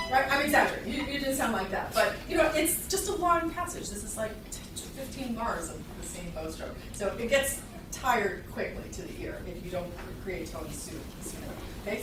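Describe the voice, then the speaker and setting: Lively woman coaching violin in echoey hall. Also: fairly high pitch, normal speed, distant mic, over music. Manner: encouraging, chatty, sings phrases to demonstrate. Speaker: violin teacher giving a master class. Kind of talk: live master class coaching. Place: concert hall with audience. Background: violin playing.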